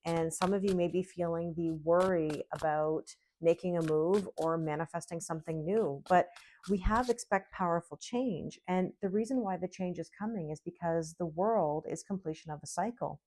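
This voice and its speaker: This tarot reader is a middle-aged woman whose voice sits low and has a darkish tone. Her casual reading is chatty and comforting, and she keeps asking "okay?" and "right?" to check on the listener.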